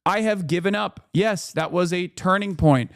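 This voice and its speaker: A man's voice: high voice, moderate pace, vocal fry, no echo. A man streaming a casual commentary rant, emphatic and profane, stumbling over fillers and restarts.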